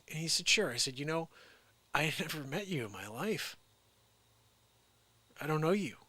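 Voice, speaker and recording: Male show host, mid pitch, lively anecdote with quoted dialogue, dry recording. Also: no room sound. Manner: animated retelling with quoted dialogue. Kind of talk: casual storytelling.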